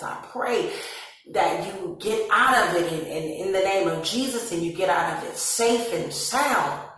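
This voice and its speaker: A woman's voice: mid-range voice, fairly bright tone, slight background noise. A woman, casually telling her own story on a vlog, laughing often and acting out her past reactions in quoted asides. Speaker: vlogger. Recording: very echoey room, voice from a distance.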